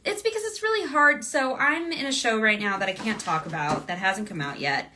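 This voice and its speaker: Woman, voice actress, bubbly, chatty, bright tone, casual livestream Q&A. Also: a little high, animated, a little fast. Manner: bubbly, chatty, gushing, laughs often. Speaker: voice actress signing autographs.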